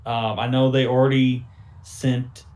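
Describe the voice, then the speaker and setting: A man's voice: mid-range voice, level tone, a little slow, a little mellow, natural voice. A man doing a rambling, nervous gang member. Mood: uneasy. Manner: folksy drawl, awkward and rambling. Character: wary middle-aged male gang member, nervous and rambling.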